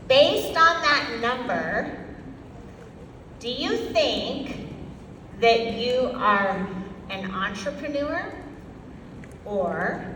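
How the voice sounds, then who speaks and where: A woman giving an energetic motivational talk at a sales event, quizzing the audience and acting out her own past self. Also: fairly high pitch. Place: large event hall. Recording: echoey hall from far off, faint noise.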